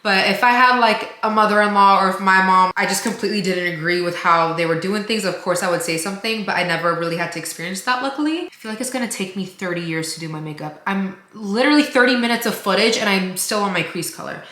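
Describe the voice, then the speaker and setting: Woman, beauty vlogger, casual chat, rambling, lots of fillers, bright tone. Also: mid-range voice, fast talker, few pauses, reverberant. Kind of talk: casual get-ready-with-me chat.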